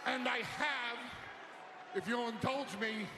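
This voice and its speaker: Male promo speaker, theatrical and pleading, very high voice, echoey broadcast. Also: slow, crowd noise. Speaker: wrestling show speaker. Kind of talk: impassioned arena promo speech. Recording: roomy arena broadcast audio.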